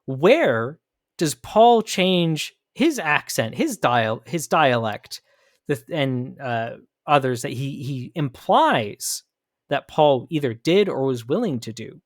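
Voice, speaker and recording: A man's voice: mid-range voice, sing-song, slow pace, dry recording, clean studio sound. An American man hosting a commentary podcast, arguing his points emphatically and thinking aloud with frequent restarts. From United States. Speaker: podcast host.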